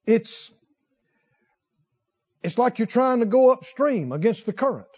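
A man's voice: animated, darkish tone, husky, lo-fi sound. A man preaching a sermon, reading scripture and questioning his congregation as he goes. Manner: slow, questions the congregation, rises in pitch when stressing points.

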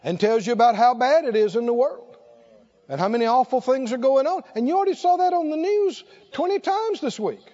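A man's voice: very high voice, expressive, brisk, mellow, lo-fi sound. A man preaching a sermon, emphatic and exclaiming, repeating short phrases for effect.

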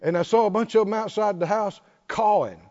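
A man with a high, brisk, slightly mellow voice preaches, pushing his sermon forward with rhetorical questions and humorous asides. He asks the congregation to call back, and the recording is dull and lo-fi.

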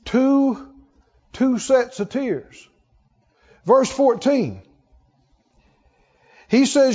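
A man preaching a sermon as pastor, slow and emphatic, leading his congregation in call-and-response. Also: very high voice, animated, darkish tone, big-room sound, lo-fi sound. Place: church sanctuary.

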